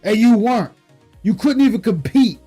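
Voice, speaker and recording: A man with a strikingly high-pitched voice delivers a profane, scornful tirade during a late-night stream. He speaks into a desk mic at home and breaks into bursts of shouting. Faint music plays behind him. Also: animated, normal speed, slightly rough.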